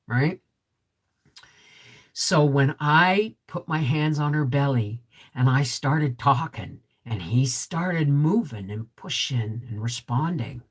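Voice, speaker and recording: Middle-aged woman host, low husky voice, deep and resonant, chatty, talks right to the viewers. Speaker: homesteading vlog host. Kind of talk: casual live-stream chat reading viewer comments.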